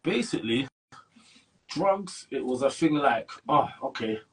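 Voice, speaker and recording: A middle-aged man from Brixton with a South London accent, telling his story in a casual interview with animated street talk and sudden jumps in pitch when he stresses a point. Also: a little slow, slightly rough. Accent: South London, London slang. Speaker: interview guest.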